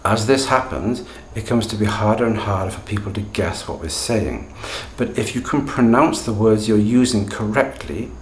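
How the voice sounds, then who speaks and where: Male teacher, lowish voice, deliberate and emphatic, recorded in an echoey room. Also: a little hiss or hum. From Britain. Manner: deliberate, emphatic, tag questions. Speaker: language teacher, channel host. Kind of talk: explanatory video lesson.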